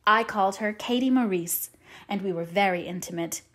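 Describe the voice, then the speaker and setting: A woman's voice: mid-range voice, moderate pace, close to an everyday voice. A woman voicing a talkative, dreamy young orphan girl in an audiobook, with eager, rapturous run-on chatter. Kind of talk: audiobook character reading.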